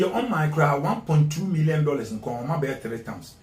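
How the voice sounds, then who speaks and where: A man's voice: a little high, animated, moderate pace, darkish tone, roomy sound. A Ghanaian man giving an interview as a guest, emphatic and repeating words for stress. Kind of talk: animated interview talk mixing Twi and English.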